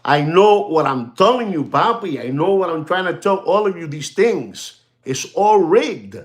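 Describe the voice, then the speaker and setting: Man, high voice, very animated swings, sarcastic ranting watchmaker host, repetitive. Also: moderate pace. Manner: sarcastic, repetitive, switches into Spanish. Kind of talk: ranting monologue.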